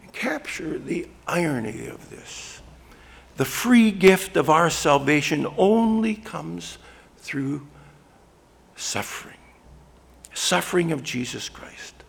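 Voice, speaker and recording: A man preaching a sermon as pastor, swinging from hushed, soft phrases to loud, emphatic ones. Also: fairly high pitch, gravelly.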